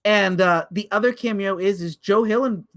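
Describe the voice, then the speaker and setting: Male co-host with a high voice; excitable storyteller who tumbles over his words. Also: normal speed. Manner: excited storyteller, repeats words when speeding up. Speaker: podcast co-host. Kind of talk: casual podcast chat.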